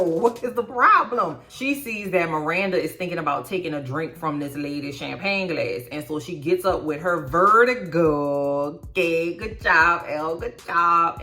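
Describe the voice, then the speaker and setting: A woman hosting a casual TV episode recap, sassy and animated, talking straight to her viewers. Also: low voice. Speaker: TV recap host.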